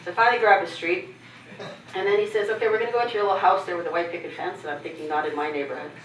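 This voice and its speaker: A woman's voice: fairly low pitch, steady tone, rapid-fire, fairly bright tone, a little hiss or hum. A middle-aged woman from Canada giving a keynote address, telling personal stories with candor and humor and acting out other people's lines. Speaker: keynote speaker. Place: conference hall. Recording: echoey hall, mic from a distance.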